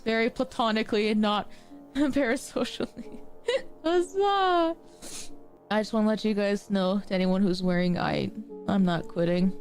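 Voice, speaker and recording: A livestreamer in her twenties cries while talking to her stream chat in an emotional moment, yet stays self-deprecating and jokes through the tears. Her voice is mid-range, a little mellow and level, at normal speed, with faint music behind.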